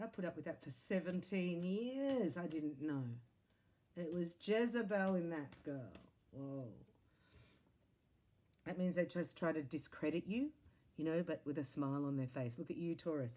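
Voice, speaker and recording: A low-voiced woman gives a tarot reading straight to camera. Her tone is soft and mellow, and her sing-song delivery keeps leaping up and dropping back down. She sounds earnest and encouraging throughout. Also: moderate pace. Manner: animated, sing-song delivery with big swings in pitch and loudness; earnest, encouraging spiritual talk. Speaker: psychic tarot reader.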